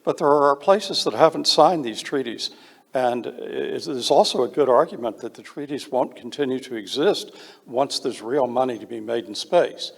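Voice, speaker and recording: A man's voice: medium pitch, normal speed, gravelly, long reverb tail. A man speaking on a panel, blunt and emphatic, with frequent hesitations. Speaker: panel speaker on space law. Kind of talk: panel discussion.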